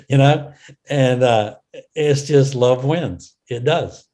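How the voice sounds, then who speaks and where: A man's voice: medium pitch, drawn-out words, darkish tone. A man in a mid-range voice telling a story on a call-in show. He talks earnestly and loops back on his words, filling the gaps with "and, uh". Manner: earnest, repeats words and fills with "and, uh". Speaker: business mentor.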